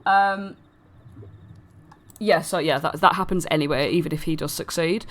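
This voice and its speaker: A woman's voice: deep voice, moderate pace. A woman running a tabletop fantasy game, narrating in a chatty way with many fillers and restarts. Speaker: dungeon master.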